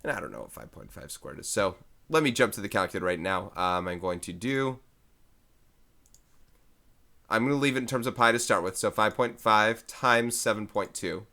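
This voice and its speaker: A man with a low, bright voice works through a math lesson on his own. He thinks aloud, corrects himself often and keeps the tone easygoing as he explains each problem. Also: animated, fairly quick, creaky. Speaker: math teacher. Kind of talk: recorded math lecture.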